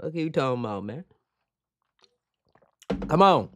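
Excitable man reacting, dry mic. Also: medium pitch, unhurried, dry recording. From Virginia, USA. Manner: excitable, profane, keeps repeating "man". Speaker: reaction video host. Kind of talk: casual reaction commentary. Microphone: headphones on, talking to camera.

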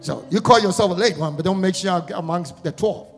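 A man with a very high voice preaching in a big reverberant church, quizzing the congregation over and over and rising into shouted, half-sung bursts. Organ music sits faintly under him, and his voice rings through the long echo of the hall. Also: brisk. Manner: repetitive questioning, builds to shouting, sing-song cadence. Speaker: guest pastor. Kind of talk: Easter sermon with call-and-response. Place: church sanctuary.

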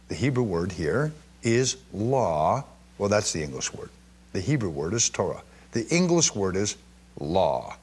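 A man with a slightly husky voice teaches scripture to a live audience, his pitch rising and falling freely as he leans on key words. He reads verses slowly and with weight, then slips into chatty asides and questions for his listeners. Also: sing-song, darkish tone. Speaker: Bible teacher.

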